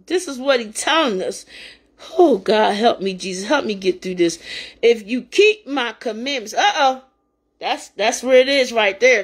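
An older woman with a fairly high voice gives a spontaneous testimony and sermon. She talks with fervor and often breaks into shouted praise between her plain talk. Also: lively intonation, a little slow. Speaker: talk show host giving encouragement.

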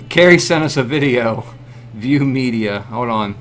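A man hosting a casual live stream, greeting viewers by name and reacting loudly and profanely to pictures they send, often laughing. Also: medium pitch, lively intonation, takes it slowly, slight background noise. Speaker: livestream host.

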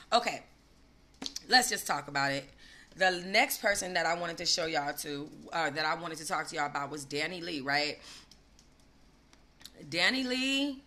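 A woman hosting a gossip live stream, talking casually and animatedly, swinging between loud gushing and low asides. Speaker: gossip channel host.

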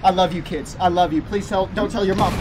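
A man's voice: sits high, fairly even intonation, fairly quick, over music, lightly acted, poor audio. A man playing a reckless, goofy uncle driving his brother's kids, overacting and repeating himself in a panic. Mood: panicked. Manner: overacted, breezy then panicked, repeats lines. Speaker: gamer doing a comedy skit. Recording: game clip with loud vehicle noise.

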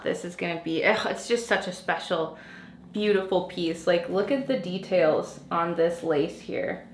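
A woman's voice: fairly low pitch, fairly bright tone, slight background noise. A young woman vlogging to camera in a casual haul chat, gushing and bubbly, laughing often as she shows off new things. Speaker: lifestyle vlogger. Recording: roomy echo.

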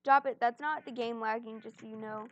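A woman's voice: fairly high pitch, fairly even intonation, a little fast, dull audio. A young woman commentating a game she is playing, rambling and self-deprecating, at times chewing as she talks. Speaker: gaming channel host. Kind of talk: casual gameplay commentary. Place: at home, on a bed.

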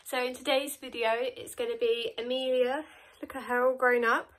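A woman's voice: sits high, level tone, normal speed, a bit bright, low-quality recording. Upbeat woman opening a vlog. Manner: chatty, upbeat welcome to viewers. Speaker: vlog host. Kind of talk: casual vlog intro.

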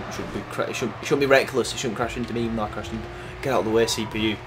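A man casually commentating his racing gameplay, chatty and excitable, cursing at the game. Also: on the low side, racing, few pauses, noisy background. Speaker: gaming YouTuber. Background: game music.

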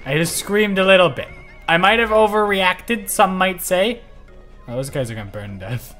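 An excitable, jokey man hosting a livestream and giving casual commentary while he plays a game. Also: sits high, faint music behind. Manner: excitable and jokey, quick to yell. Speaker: livestream host.

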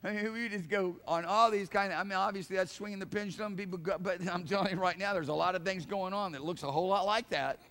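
High-pitched guy preaching a sermon in church, folksy, goes from mumbling low to shouting loud. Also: fairly even intonation, quick pace, hardly any pauses. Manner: swings from low murmurs to loud, shouted emphasis; folksy preaching with rhetorical questions. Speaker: pastor. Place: church sanctuary.

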